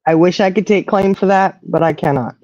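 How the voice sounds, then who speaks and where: A woman's voice: lowish voice, a little fast, mellow, no room sound, highs cut off. A woman hosting a casual livestream chat, teasing her co-host and laughing often. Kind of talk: casual chat reading viewer comments.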